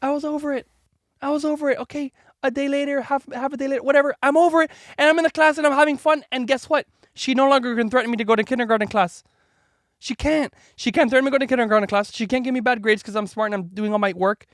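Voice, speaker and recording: Animated storytelling man, dry close sound. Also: very high voice, quick pace, no echo. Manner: animated, acts out voices in his stories; chatty, frequent "like" and "right?". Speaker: podcast host. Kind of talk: casual storytelling to his daughter.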